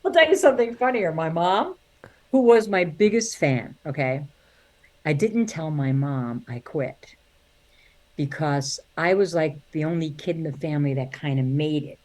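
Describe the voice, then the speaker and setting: Middle-aged woman, comic storyteller, lowish voice, plays her relatives' voices and laughs a lot. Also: animated, normal speed, a little mellow. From New York. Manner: acts out family voices, laughs often. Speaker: guest, singer and comedian. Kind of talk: animated storytelling interview.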